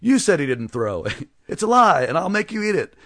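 A man voicing an angry townsman who shouts accusations in a brawling mob in a storybook reading. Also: high-pitched, sing-song, brisk, no echo, studio quality, voice pushed up, heavily acted. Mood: furious. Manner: shouting, furious.

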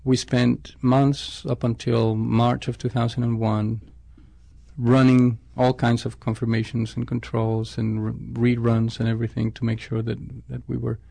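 A male scientist speaks in a gravelly, creaky voice at a middle pitch. He answers interview questions in a reflective way and often stops to restart his sentences. The sound is close and dry. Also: monotone, unhurried, mellow, dry recording. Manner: thoughtful, with frequent restarts and self-corrections.

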